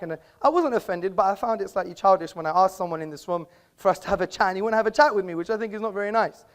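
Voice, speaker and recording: In an auditorium, a high-pitched man delivers a formal debate speech. He lectures and argues, using rhetorical questions.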